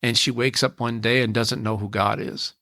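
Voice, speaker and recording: A man's voice: mid-range voice, fairly even intonation, moderate pace, bright, forceful tone, dry recording, studio quality. A middle-aged man, a podcast guest, telling a personal story in an earnest, reflective way with frequent restarts.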